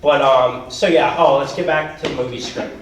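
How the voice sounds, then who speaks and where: Rambling man doing stand-up, hoarse. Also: mid-range voice, fairly even intonation, moderate pace. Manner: rambling, self-deprecating, easily sidetracked. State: losing his voice. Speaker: stand-up performer at a school talent show. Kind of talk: stand-up comedy storytelling. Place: school auditorium stage with audience. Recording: echoey hall recorded from far off.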